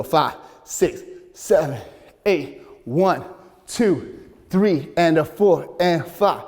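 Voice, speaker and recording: Breathless dance teacher counting beats. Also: male voice, a little high, takes it slowly, in a large hall. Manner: energetic, counts beats while dancing. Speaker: dance instructor. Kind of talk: dance tutorial, counting out moves. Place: large echoey dance studio.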